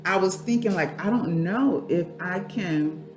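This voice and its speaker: A woman's voice: lowish voice, unhurried, roomy sound, loud music behind the voice. A middle-aged woman talking candidly and at length about her struggles in a personal vlog, her eyes watering as she speaks from home at her computer. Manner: candid, rambling, talks to herself by name. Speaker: spiritual life coach and vlogger.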